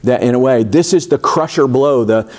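A man's voice: medium pitch, normal speed, darkish tone. A man teaching a Bible study in a church, talking conversationally with many asides and fillers, and lifting his voice when he reads scripture aloud. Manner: digressive, many fillers and asides, rises for emphasis when reading.

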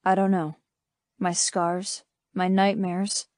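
A haunted young ex-pilot speaks low and halting, his voice deep and cracked, as a woman narrator reads him. The tone is dark and mellow, recorded dry and close with no room around it. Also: flat delivery, no room sound. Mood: pained. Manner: halting, pained. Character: gruff wounded male ex-pilot, young adult. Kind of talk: audiobook character voice.

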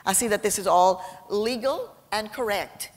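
A woman's voice: mid-range voice, normal speed, pitched above the performer's own voice, close to an everyday voice. A woman playing a tall male Texan immigration agent, with a polite, drawling Texan accent, in a reverberant hall. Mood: politely firm.

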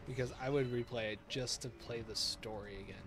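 A young man streaming a game, chatting casually and gushing with excitement and emotion. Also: medium pitch, fairly quick.

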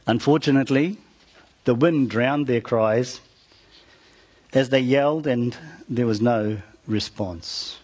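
A man's voice: mid-range voice, a little mellow, husky. A man preaching, retelling a story to his congregation and calling out to them as he goes. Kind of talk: storytelling sermon.

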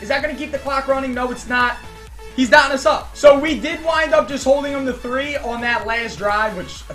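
A man commenting on his own football video game match, hyped and often shouting. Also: very high-pitched. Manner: hyped, frequent shouting and yelling. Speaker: gaming YouTuber.

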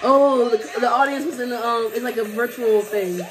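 A woman hosting a reaction video, talking excitedly, squealing, laughing and singing along. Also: a little high, normal speed. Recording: music playing loudly behind.

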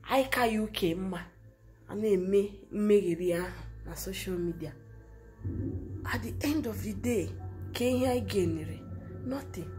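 A woman's voice: medium pitch, dark tone. A woman with a Nigerian Igbo accent giving an earnest, lamenting monologue full of rhetorical questions. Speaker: commentator. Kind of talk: impassioned monologue mixing Igbo and English.

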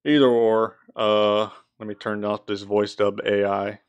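In a low-ish, level voice at a measured pace, a young man rambles through a casual tutorial on voice-changer settings, swearing lightly here and there. His noise-suppressed studio mic gives a clean, echo-free sound, though the audio is somewhat dull.

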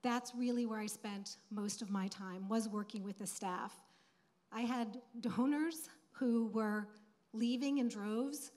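A woman's voice: fairly high pitch, darkish tone. Earnest woman on a panel. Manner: earnest, emphatic, repeats phrases. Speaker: panelist, nonprofit CEO. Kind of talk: conference panel discussion. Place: conference stage.

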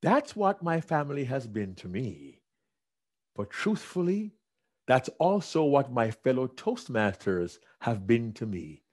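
A man in his sixties delivers a motivational keynote, telling stories in an animated, dramatic way. He speaks in a mid-range voice, a little slowly.

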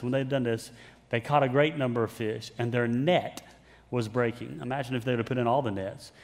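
A man preaching a sermon as pastor, telling the story conversationally, repeating phrases for emphasis and acting out the characters' lines. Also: medium pitch. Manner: conversational storytelling with playful put-on voices.

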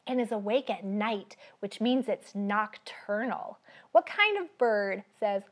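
A woman running a children's library storytime, talking in a drawn-out, sing-song way for small children. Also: mid-range voice, animated, muffled recording.

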